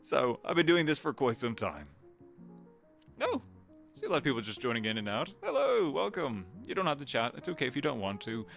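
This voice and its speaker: Chatty man with a lively voice. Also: medium pitch, brisk, faint music behind. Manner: chatty and rambling, greets viewers warmly. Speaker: voice actor livestreaming to viewers. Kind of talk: casual live-stream chat.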